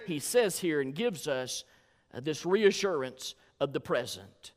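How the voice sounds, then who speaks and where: Southern preacher with soaring, lively pitch. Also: male voice, a little slow, big-room sound. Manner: rhythmic preaching that swells to loud, high-pitched climaxes. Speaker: pastor. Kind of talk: sermon.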